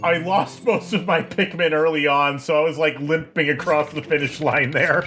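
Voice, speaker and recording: A man's voice: fairly high pitch, fairly even intonation, normal speed, a bit bright. A man giving let's-play commentary in a profane, joking, rambling way, with game music playing behind him. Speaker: gameplay commentator.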